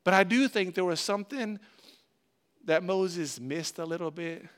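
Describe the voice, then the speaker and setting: A man's voice: sits high, measured pace, a bit bright. A man preaching as pastor in a conversational sermon, acting out God and Moses in short bits of dialogue.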